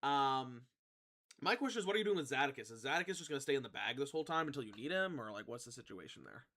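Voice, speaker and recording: A man's voice: mid-range voice, expressive, fast talker, sharp tone. A man casually narrating as game master, full of likes and teasing asides. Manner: casual, filler-heavy, teasing.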